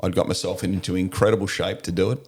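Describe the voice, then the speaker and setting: A man's voice: low-pitched, flat delivery, fast talker, a little mellow. A middle-aged Australian man, a service veteran, telling war stories in a casual interview, blunt and sweary, often breaking into laughs. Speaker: podcast guest, army, navy and police veteran.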